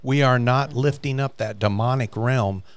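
A man's voice: medium pitch, normal speed, no echo. A man co-hosting a faith podcast, earnestly retelling a story from a book in casual chat. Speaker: podcast co-host.

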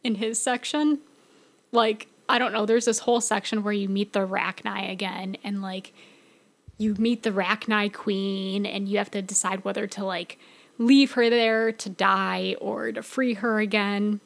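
A woman's voice: mid-range voice, steady tone, measured pace, vocal fry. A woman chatting casually about a video game, telling an emotional story with laughs. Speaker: podcast co-host. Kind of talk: casual gaming chat.

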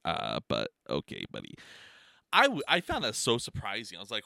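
A man's voice: on the low side, normal speed, vocal fry, dry recording, studio quality. A man telling a story in a casual, rambling monologue, swearing a lot and filling his talk with "like" and "you know.". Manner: profane, heavy filler words, rambling; animated storytelling with laughs.

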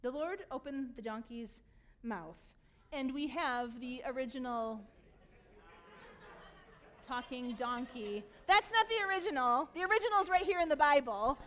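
Woman pastor, high voice, animated sermon storyteller who reads scripture then retells it with humor. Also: measured pace.

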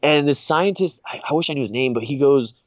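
A man's voice: medium pitch, brisk, no room sound. Rambling young man, dry dull recording. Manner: rambling and blunt, with frequent laughs and restarts. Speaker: podcast host. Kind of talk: casual podcast chat.

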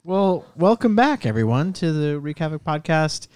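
A man's voice: a little high, sing-song, a little mellow, clean tone, no room sound. A man co-hosting a podcast, chatting casually in a playful way and cracking jokes. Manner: playful, quick to laugh, wisecracking. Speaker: podcast co-host. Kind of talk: casual chat.

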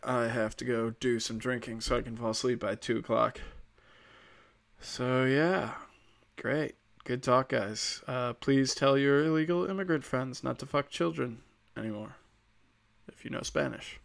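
Man, gravelly voice, mid pitch, profane, sarcastic rambling monologue. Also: steady tone, moderate pace, fairly bright tone. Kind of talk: casual comedic monologue.

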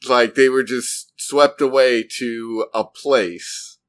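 A man co-hosts a casual podcast at an unhurried pace. He mostly listens, offering short acknowledgements and tentative, laid-back questions. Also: medium pitch, fairly even intonation. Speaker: podcast co-host. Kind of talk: casual chat.

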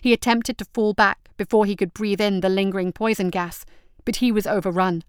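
A woman's voice: medium pitch, steady tone, brisk, smooth, dry recording, studio quality. A woman reading out an action story as narrator, telling it steadily and vividly.

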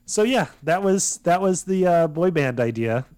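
A man's voice: a little high, expressive, normal speed, darkish tone, clear, resonant tone, no room sound. A young man co-hosting a podcast, rambling through an idea with frequent chuckles and restarts. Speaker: podcast co-host. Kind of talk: casual chat.

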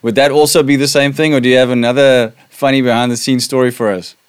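A man's voice: medium pitch, fairly even intonation, fast talker, clean tone. A man hosting an interview, asking chatty, run-on questions. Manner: chatty, questions flow into each other. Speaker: interviewer, host. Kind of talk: casual interview.

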